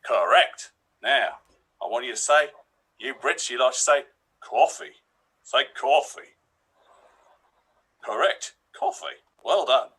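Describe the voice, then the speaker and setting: A hammy, mock-confident figure with an exaggerated Cockney accent, as a man puts it on. The voice is bright and lively, slow-paced, with a husky edge. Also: mid-range voice, pitched below the performer's own voice, heavily acted, low-quality recording. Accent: put-on Cockney. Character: American actor hamming a mock Cockney accent. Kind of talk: improv comedy character.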